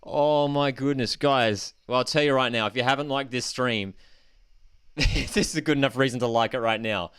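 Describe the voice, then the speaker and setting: A young man hosting a live football watchalong, celebrating loudly and reading out chat messages. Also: medium pitch, moderate pace, clear, resonant tone, no echo, clean studio sound. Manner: ecstatic, shouting, calls everyone man and dude.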